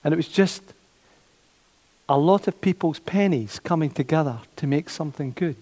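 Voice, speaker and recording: A man preaching a sermon, animated, repeating his phrases and acting out the voices of doubters. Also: a little high, moderate pace. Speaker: pastor. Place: church. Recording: long church reverb.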